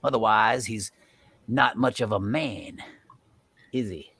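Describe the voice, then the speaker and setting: A man reading the part of a loud, bossy older judge with folksy country talk in a live script reading. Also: lowish voice, slow pace, slightly rough, heavily acted. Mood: boastful. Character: blustering folksy rich older male judge.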